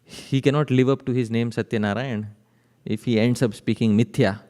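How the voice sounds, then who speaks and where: A man's voice: medium pitch, fairly even intonation, moderate pace, mellow. A man preaching a devotional sermon, telling stories and asking his audience questions. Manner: chanting verses, asking the audience rhetorical questions. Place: temple hall. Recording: reverberant temple hall.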